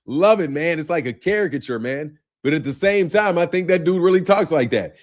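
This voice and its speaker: A man's voice: a little high, lively intonation, moderate pace. A man hosting a boxing channel livestream, chatting casually and profanely while greeting viewers by name.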